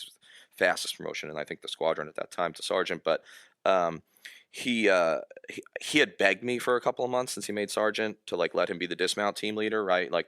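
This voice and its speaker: A retired American army officer, a guest on a podcast, telling a war story in a halting way with many fillers and restarts. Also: male voice, sits low, fairly bright tone, clean tone, no echo, clean studio sound. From United States.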